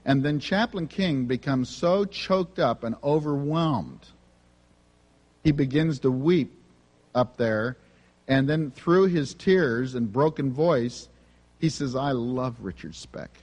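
A man's voice: a little high, slow, darkish tone, in a large hall. A man preaching a sermon, telling personal stories in an earnest, conversational way. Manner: earnest, conversational, self-confessing. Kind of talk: sermon storytelling.

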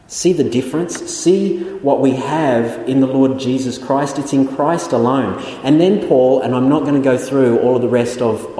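In an echoey church hall with long reverb, an Australian pastor delivers a sermon in a warm, mid-range voice. He sounds earnest and questioning, frequently repeating his key phrases.

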